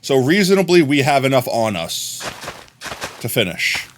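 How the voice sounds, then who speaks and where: A man livestreaming a game, chatting casually with his viewers in a rambling, jokey way that often trails off into a low mumble. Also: big pitch swings, moderate pace, slight background noise. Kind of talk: casual live-stream chat with viewers.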